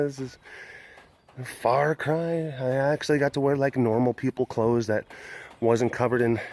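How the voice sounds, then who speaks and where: A man speaks outdoors at a big cat sanctuary, unhurried and stretching his words out. His tone is playful and teasing, and he slips into cooing baby talk with the animals. His pitch sits in the ordinary middle range for a man. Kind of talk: casual vlog talking to the camera and to tigers.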